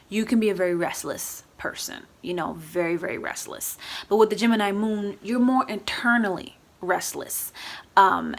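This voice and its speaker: An astrology YouTuber with a mid-range voice explains astrology casually in a vlog. She's chatty, sprinkling in "you know" and "right?" and acting out quoted moods with lively voices.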